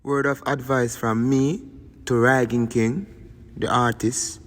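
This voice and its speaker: A man's voice: medium pitch, fairly even intonation, slow. A man with a Jamaican accent giving rambling casual commentary as a YouTube host, tagging lines with "you see me". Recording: long reverb, faint background noise.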